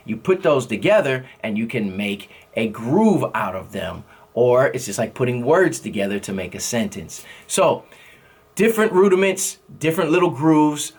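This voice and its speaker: A man's voice: mid-range voice, breathy edge. A man teaching a music lesson on rhythm, who explains by singing drum syllables and counting beats, and often stops to correct himself mid-sentence. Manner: thinks aloud, with restarts and self-corrections.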